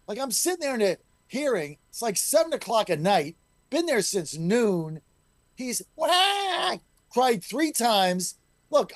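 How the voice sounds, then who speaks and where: A man's voice: sits high, no echo. A middle-aged man, a state legislator guest on a talk radio show, speaking in an emphatic, combative way. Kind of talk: call-in talk radio interview.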